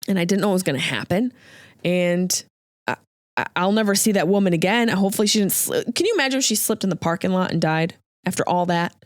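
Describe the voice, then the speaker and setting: Animated woman telling a comic story. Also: fairly low pitch, fast talker, no echo, studio quality. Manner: animated, jokey, acts out quoted voices. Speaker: podcast host. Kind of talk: comedic storytelling monologue.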